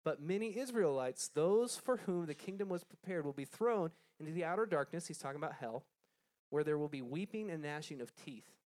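Guy with a slightly high voice teaching a bible lesson, reads the verse then chats it through and asks the group questions. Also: expressive, fairly quick, a little mellow. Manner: conversational, asks the group questions, frequent restarts; reads scripture aloud then explains it.

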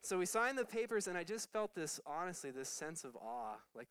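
Animated preaching man with a smooth voice. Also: moderate pace, no room sound, rough recording. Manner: animated storytelling, leaps high when excited. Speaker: pastor. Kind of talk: sermon testimony.

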